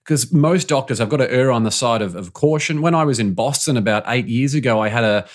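A male host talks casually and haltingly, often breaking off and restarting his sentences. His voice sits at an ordinary middle pitch. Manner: hesitant, trails off and restarts phrases. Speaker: podcast host. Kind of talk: casual conversation.

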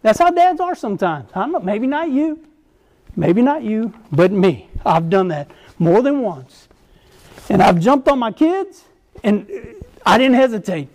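A man's voice: sits high, sing-song, normal speed, a little mellow. A middle-aged man preaching to husbands and fathers, earnest and exhortative, repeating his key phrases. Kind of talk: sermon to men.

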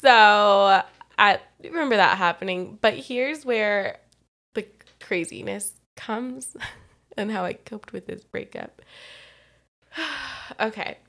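A young woman from California chats on her podcast, her voice settling into a gravelly, fried texture. She tells a personal story candidly, swearing freely and laughing between sentences, at a medium pitch. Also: slow, fairly bright tone. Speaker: podcast co-host. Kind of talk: casual storytelling chat.

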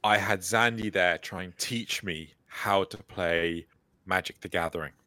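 A man co-hosting a casual podcast chat, telling stories with lively energy and acting out quotes. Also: low voice, measured pace, no room sound. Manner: animated storyteller, acts out quotes. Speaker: podcast co-host.

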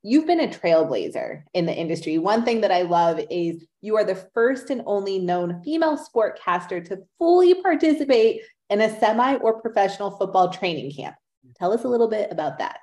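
A woman's voice: mid-range voice, lively intonation, fairly quick, darkish tone. A woman hosting an interview podcast, affirming her guest's points and asking follow-up questions. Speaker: podcast host. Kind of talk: conversational interview.

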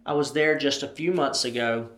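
Animated storytelling man, roomy sound. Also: mid-range voice, normal speed. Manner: animated storyteller, acts out quoted dialogue. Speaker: ministry president, interview guest. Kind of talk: storytelling in an interview. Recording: roomy echo.

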